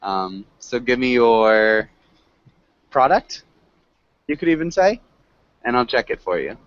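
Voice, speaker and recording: A man's voice: medium pitch, very animated, no room sound. Encouraging male English teacher, dull call audio. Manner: encouraging, laughs often, slow corrections. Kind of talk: online English class.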